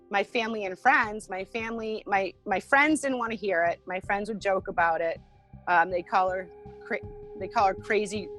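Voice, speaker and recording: A woman's voice: mid-range voice, a bit bright, poor audio. A woman being interviewed, recounting a personal ordeal in an earnest way, with frequent fillers. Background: music.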